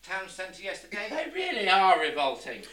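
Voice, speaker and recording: A fawning, scheming royal advisor flatters his king in a high, shrill, sing-song voice, as a man acts him out. The voice sits back from the mic in an echoey room. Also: moderate pace, distant mic, crowd noise. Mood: wheedling, scheming. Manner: obsequious, grovelling, giggly.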